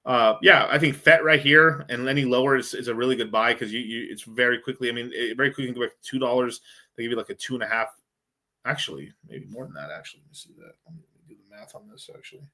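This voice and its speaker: Fast, pushed, and bright, this man's mid-range voice carries a crypto livestream where he casually and profanely rambles over charts, thinking out loud. He's recorded on a streaming setup mic.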